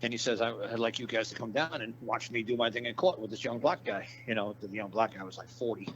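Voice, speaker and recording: A man telling a long story in a casual interview, animated and profane, acting out the people in his tale. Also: lowish voice, fast talker, dull audio, a little hiss or hum. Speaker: guest.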